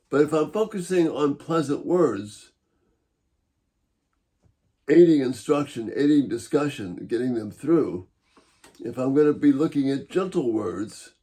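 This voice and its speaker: A middle-aged man giving a calm, measured Bible-based teaching talk, gently persuasive as he walks through principles. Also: medium pitch.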